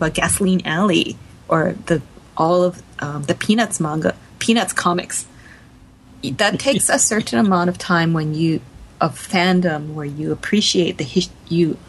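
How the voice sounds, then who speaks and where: Woman, podcast panelist, lowish pitch, animated, fast, restarting sentences. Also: a little hiss or hum, low-quality recording. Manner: animated, quick, with frequent restarts. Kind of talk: casual panel discussion.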